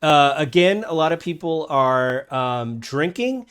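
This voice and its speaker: A man's voice: fairly high pitch, lively intonation, unhurried, fairly bright tone, clear, resonant tone. Rambling male game master. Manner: rambling, many fillers, laughs easily. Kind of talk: narrating a tabletop game.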